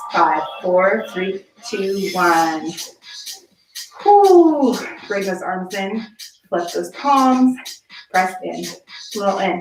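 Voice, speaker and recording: A woman's voice: mid-range voice, far from the mic. A woman fitness instructor leading a home workout, upbeat and encouraging, counting reps while slightly out of breath. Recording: echoey room, voice from off-mic. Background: background music.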